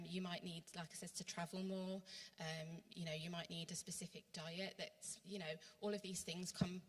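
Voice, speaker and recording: A woman's voice: lowish voice, fairly bright tone. A woman with a West Midlands English accent giving an earnest workshop talk as a council worker, with many ums and restarts. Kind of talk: workshop presentation. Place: church hall. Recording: long reverb from a hall.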